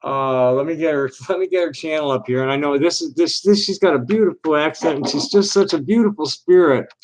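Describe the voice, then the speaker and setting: A man with a slightly high voice hosts a casual stream. He talks in a halting, rambling way, stalling on repeated words before he goes on. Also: a little mellow, rough recording. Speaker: livestream host and busker.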